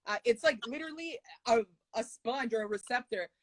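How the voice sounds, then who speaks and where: A woman's voice: a little high, fairly quick, dry recording. A woman life coach chatting casually on a podcast, blunt and swearing, acting out what she tells herself. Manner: blunt, swears, acts out quotes. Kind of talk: casual chat.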